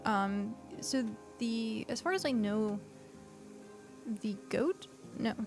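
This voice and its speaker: A woman's voice: on the high side, expressive, takes it slowly, darkish tone, soft background music. A woman streaming a game, chatting casually and thinking aloud with lots of fillers. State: hiccuping. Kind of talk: casual gameplay chat.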